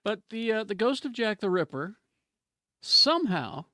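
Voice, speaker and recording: A man's voice: high-pitched, big pitch swings, normal speed, pushed and bright, no room sound, studio quality. A man co-hosting a casual podcast chat, dropping wry jokes. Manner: wry, joking asides. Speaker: podcast co-host.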